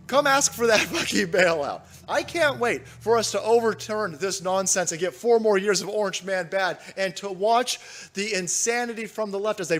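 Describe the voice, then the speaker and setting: High-voiced man in an angry, taunting rant. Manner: aggressive, taunting, heavy swearing, bursts of laughter and shouting. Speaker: political commentator. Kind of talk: angry profane rant to camera.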